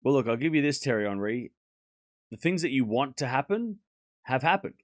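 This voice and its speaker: Male streamer, animated delivery, dry close mic, casual banter with viewers. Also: mid-range voice, normal speed, no echo. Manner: chatty, teasing the chat, calls points as they happen. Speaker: streamer calling a tennis watchalong. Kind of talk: casual live-stream commentary.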